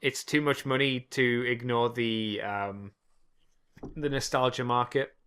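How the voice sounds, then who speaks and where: A man's voice: mid-range voice, steady tone, a little slow, a bit bright, smooth. A man co-hosting a podcast in casual chat, laid-back and wry, laughing often. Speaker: podcast co-host.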